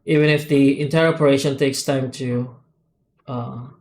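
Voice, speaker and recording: A man at an ordinary middle pitch demonstrates his software add-ons step by step. He speaks unscripted and methodically, breaking off often with "uh" and "um" and starting phrases over. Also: fairly even intonation, a little hiss or hum. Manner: halting, unscripted, with frequent "uh" and "um" pauses and restarts; methodical, explanatory walkthrough. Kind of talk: screen-recorded software tutorial.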